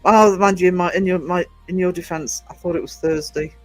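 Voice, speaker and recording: A man's voice: high-pitched, steady tone, brisk, no room sound, faint music behind. A man hosting a casual livestream, rambling through viewer comments with lots of ums and restarts. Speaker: livestream host and small publisher.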